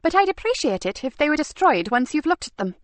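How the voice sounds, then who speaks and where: A woman's voice: sing-song, quick pace, no echo. A woman voicing a fussy, protective middle-aged wife who keeps the accounts, speaking in a prim, emphatic, raised voice. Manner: prim, emphatic, slightly high.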